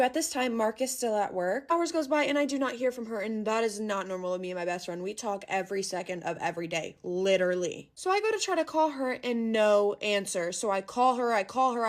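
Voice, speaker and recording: A young woman tells a story in a casual, rambling, chatty way and plays up the drama as she goes. Her voice sits a little high. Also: expressive, brisk, hardly any pauses.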